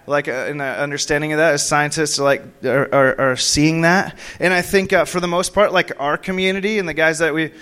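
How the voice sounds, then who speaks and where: High-voiced young preacher, rambling and whooping. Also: male voice, fairly even intonation, brisk, few pauses, fairly bright tone, clear, resonant tone. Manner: rambling, laughing, with many fillers and sudden high whoops. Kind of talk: charismatic sermon. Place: church meeting room.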